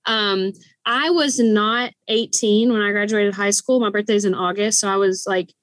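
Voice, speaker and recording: A woman co-hosting a podcast, telling a story in a casual, animated way and laughing often. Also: medium pitch, normal speed, dry recording. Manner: animated, laughing storyteller who acts out quoted voices. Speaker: podcast co-host.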